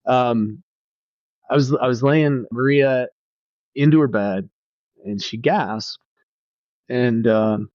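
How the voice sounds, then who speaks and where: A man's voice: medium pitch, slow pace, pauses often, darkish tone, dry recording. A man with a mid-range voice tells a personal story as a pastor on a podcast, earnest and reflective, circling back and restarting his phrases. The sound is dull and a little lo-fi, close and dry with no room around it.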